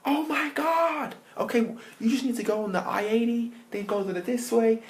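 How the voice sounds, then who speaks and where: An English man voicing friendly local American bikers in a loud, high, drawling put-on voice. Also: normal speed.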